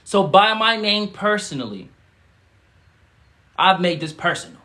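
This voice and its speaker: A man's voice: high-pitched, lively intonation, a little slow, sharp tone. A man leading a livestream of spiritual affirmations and guided breathing, emphatic and casual, with lots of call-and-response and repeated phrases. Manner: casual slangy speech.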